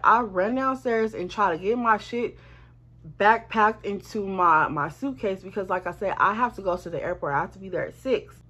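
A woman telling a storytime to her viewers in a lively, profane, chatty way, speaking straight to them. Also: medium pitch. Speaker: vlogger. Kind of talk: casual storytime.

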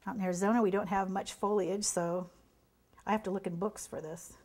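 A woman's voice: mid-range voice, steady tone, a little fast, darkish tone. A middle-aged woman, a pastry chef, chatting through a cake painting demonstration in an encouraging way. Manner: chatty, encouraging, drops to a near whisper while working. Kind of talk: demonstration tutorial.

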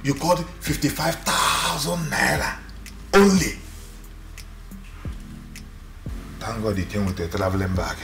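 An actor playing a suspicious, stingy older brother who runs a shop, speaking with a Nigerian accent in a fussy, scolding way. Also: male voice, low-pitched, fairly even intonation, quick pace, reverberant, close to an everyday voice. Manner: fussy, scolding, repeats himself. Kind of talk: Nollywood film drama.

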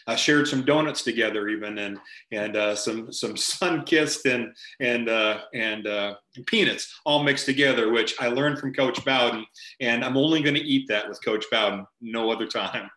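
A man's voice: mid-range voice, normal speed, pushed and bright. A man hosting a ministry huddle over a video call from home, leading a prayer and telling a story earnestly, often repeating and restarting phrases. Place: home, virtual meeting. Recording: echoey room.

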